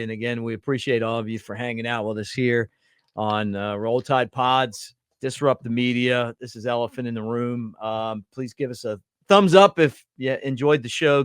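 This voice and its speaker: A man's voice: mid-range voice, moderate pace, fairly bright tone, smooth, dry recording. A middle-aged man hosting a sports podcast in a laid-back, chatty way, laughing often. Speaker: podcast host. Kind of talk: casual sports podcast chat.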